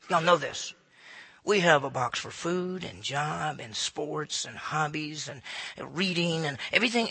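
A man gives a folksy, humorous talk to a live audience. His voice is high and bright, with a gravelly, husky edge. He keeps the crowd involved by asking them questions. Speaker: speaker addressing an audience.

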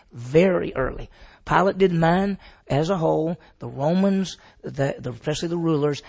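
A man's voice: on the high side, gravelly, darkish tone, breathy edge. A man teaching the Bible to a group, asking his listeners questions and answering them himself.

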